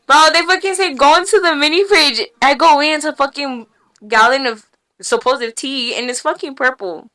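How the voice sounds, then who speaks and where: A young woman on a casual podcast, telling stories in an animated, slangy way with plenty of swearing and laughter. Her voice is bright and pitched a little high. She talks into a podcast mic in a small room. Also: a little fast. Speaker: podcast guest. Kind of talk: casual storytelling.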